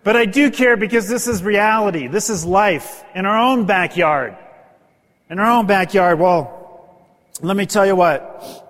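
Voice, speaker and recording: A man's voice: unhurried, a bit bright. A man telling heartfelt stories to an audience in an earnest, emotional manner, as a motivational speaker. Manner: earnest, emotional, rises in pitch when stirred. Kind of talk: storytelling speech to an audience. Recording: long hall reverb.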